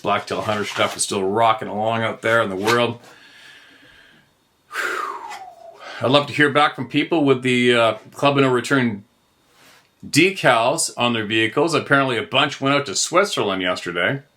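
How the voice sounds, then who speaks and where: A man's voice: medium pitch, a little fast, sharp tone. A middle-aged man hosting his own show, ranting in a heated, profane monologue. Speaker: host. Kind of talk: angry monologue.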